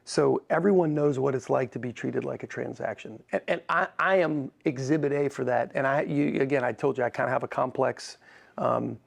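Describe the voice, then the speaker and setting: Guest voice: male racing executive, lively storyteller, heavy vocal fry. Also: mid-range voice. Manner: animated storyteller, quick restarts and "like". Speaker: racing team president, podcast guest. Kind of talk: conversational interview.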